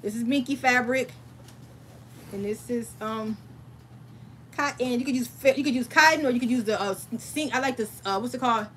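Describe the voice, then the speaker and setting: A woman's voice: fairly high pitch, moderate pace, long pauses, fairly bright tone, slight background noise. A woman in her thirties, hosting a casual crafting livestream from home and chatting familiarly with her viewers.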